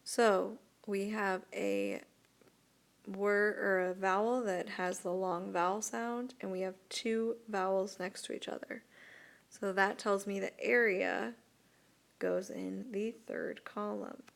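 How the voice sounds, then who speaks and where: A woman teacher giving a recorded lesson to young students, talking slowly and carefully and repeating each word. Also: medium pitch, steady tone, gravelly. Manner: slow, deliberate, repeats words for young students. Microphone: tablet microphone.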